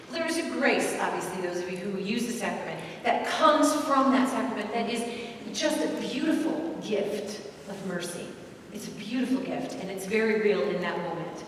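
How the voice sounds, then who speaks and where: Lively woman telling a story in an echoey hall. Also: medium pitch, a little fast, slight background noise. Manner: lively, self-mocking, conversational. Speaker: speaker at a faith event. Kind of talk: storytelling talk. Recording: echoey hall, mic at a distance.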